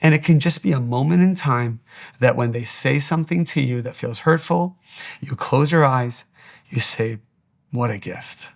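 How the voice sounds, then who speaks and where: A man's voice: medium pitch, normal speed, gravelly. A man giving a spiritual teaching monologue, speaking earnestly and repeating his exhortations.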